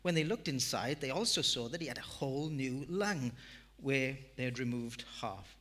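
A man's voice: medium pitch, moderate pace, a bit bright, lightly acted. A man quoting a tearful, grateful woman caller, breathless and emotional, in a sermon.

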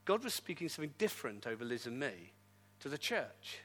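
A middle-aged man, a pastor, telling his story in a sermon with lively, self-deprecating humor. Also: mid-range voice, brisk. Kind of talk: testimony sermon.

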